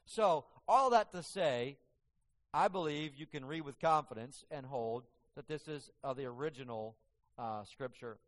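A medium-pitched man preaches a sermon in a church, his words earnest and halting as he often starts over. Long hall reverb surrounds his voice.

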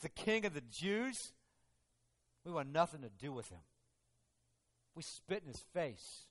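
A preacher playing a sneering Roman soldier. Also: male voice, on the high side, big pitch swings, measured pace. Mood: contemptuous. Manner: mocking, contemptuous. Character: proud sneering Roman soldier, adult man. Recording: long reverb of a large hall.

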